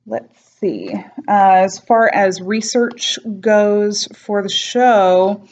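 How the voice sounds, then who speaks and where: A young woman, a teacher, explaining and slowly demonstrating accent sounds from her home in a chatty way. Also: medium pitch, darkish tone. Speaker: dialect coach and teacher. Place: home, decorated for Christmas.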